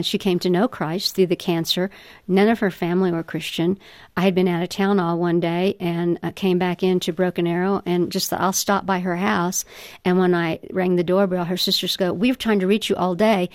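A woman's voice: fairly low pitch, level tone, moderate pace, no echo, studio quality. Earnest older woman telling her story. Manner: earnest, heartfelt testimony. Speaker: guest author. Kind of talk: candid interview storytelling.

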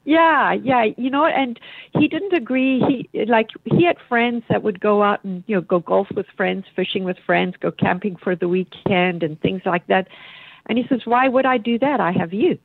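Gravelly older woman, tinny phone line. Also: medium pitch, no echo. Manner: warm, reflective, halting. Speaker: widow. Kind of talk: emotional interview.

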